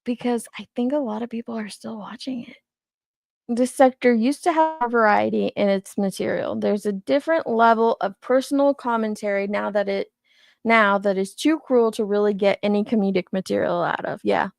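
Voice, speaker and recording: Chatty woman with a gravelly voice. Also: mid-range voice, moderate pace, no echo, studio quality. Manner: chatty, rambling, reacting to viewer comments. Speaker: commentary channel host. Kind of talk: casual livestream chat.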